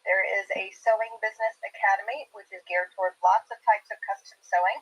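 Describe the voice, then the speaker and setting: A woman's voice: medium pitch, fairly even intonation, fairly quick, husky, low-quality recording. A woman introducing herself as an online sewing teacher in an upbeat, humorous way on a video call. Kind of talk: casual self-introduction.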